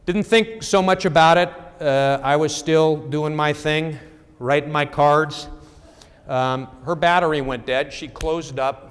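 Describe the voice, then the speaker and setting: A man's voice: a little high, a little slow, clean tone, long reverb tail. A middle-aged man presenting at a talk, telling a wry story in a conversational way with frequent check-ins to the audience.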